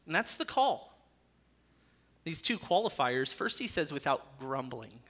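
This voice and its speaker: Male pastor, earnest sermon delivery with dry humor, high bright voice. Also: big pitch swings, measured pace. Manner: earnest preaching with dry jokes.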